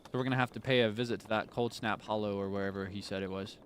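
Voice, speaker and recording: A man streaming a game, chatting softly and thinking aloud as he plays. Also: fairly low pitch, fairly even intonation, quick pace, slight background noise. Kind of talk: casual game commentary.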